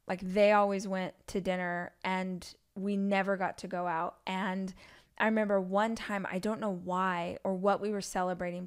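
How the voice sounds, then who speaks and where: Speaking at a medium pitch with a clean tone, a podcast host in her forties delivers a solo monologue. She's candid and chatty about family life, often wandering into asides.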